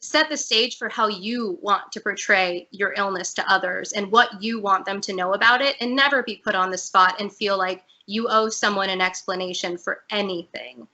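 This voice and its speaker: A woman's voice: medium pitch, normal speed, hardly any pauses, bright, forceful tone. A woman guest on a video-call interview, telling a personal story in a candid, earnest way. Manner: earnest, candid, emotional at times.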